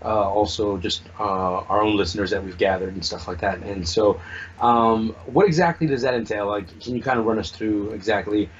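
A man hosting an interview show, asking questions in a relaxed, hesitant way. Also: fairly low pitch, normal speed, dull audio, slight background noise. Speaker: show host. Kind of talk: casual interview.

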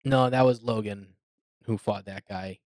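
A man co-hosting a podcast in casual chat, animated and quick to laugh. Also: fairly low pitch, no echo. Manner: animated, laughing, mimics people. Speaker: podcast co-host. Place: podcast studio.

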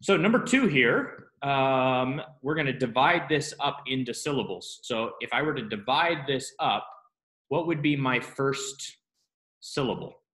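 A man's voice: mid-range voice, lively intonation, unhurried, a bit bright. A man teaches a class in an ordinary mid-range voice, walking through each point patiently. He keeps checking in with questions to the room. The classroom echo rings around him. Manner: explanatory, asks students questions.

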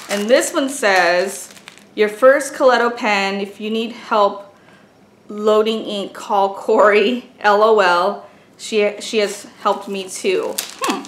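Here the same beauty and craft vlogger sounds a little high and fairly bright as she chats casually through a gift unboxing for her vlog. She gushes and exclaims at each thing she pulls out, in an echoey room with a faint hum of noise.

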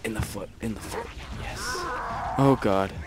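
A man's voice: on the low side, very animated, a little slow. A young man commenting on his own gameplay, muttering panicky exclamations and swearing a lot. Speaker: let's play gamer. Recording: noisy gameplay recording.

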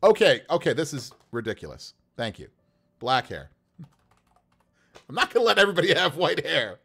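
A man chatting casually on a livestream as a game master, building characters by rolling dice, animated and laughing often. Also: on the high side, moderate pace, gravelly, breathy edge.

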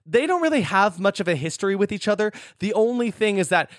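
A man talking through a bad movie's plot in loose podcast chat, dropping sarcastic asides as he goes. His voice sits a little high for a man, and it sounds dry and close, with no room around it. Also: very animated, fast, no room sound. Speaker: podcast co-host. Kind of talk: casual movie review chat.

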